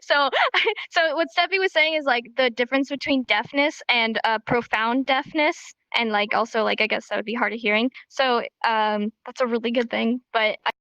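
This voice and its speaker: A woman's voice: on the high side, moderate pace, bright, forceful tone, dry recording, lo-fi sound. A young woman teaching a casual sign language class, bubbly and giggly, acting out each emotion with her voice while tired and a bit sore in the throat.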